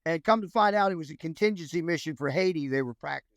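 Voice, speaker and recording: A man's voice: fairly high pitch, fast, no room sound. Rambling man telling war stories. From United States. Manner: rambling, with frequent restarts and acted quotes. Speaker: guest, former Army Ranger. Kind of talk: storytelling interview.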